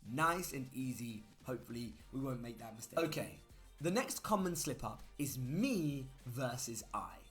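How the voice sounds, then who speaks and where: A man's voice: medium pitch, animated, measured pace, faint music behind. A man teaching grammar in a chatty way, spelling words out letter by letter. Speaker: English teacher. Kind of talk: grammar lesson.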